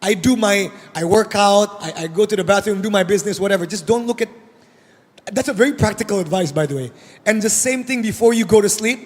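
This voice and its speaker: A man speaking on a panel, addressing the audience directly in a lively way and often repeating words. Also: high-pitched, fairly quick. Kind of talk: conversational panel talk. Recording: long reverb of a large event hall.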